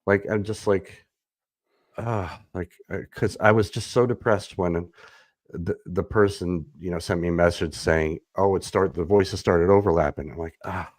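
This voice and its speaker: Low-voiced self-deprecating podcast host man. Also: fairly even intonation, normal speed, no room sound, studio quality. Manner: self-deprecating, rambling with fillers. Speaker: bass player. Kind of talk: casual chat. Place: echoey home room. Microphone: desk USB microphone.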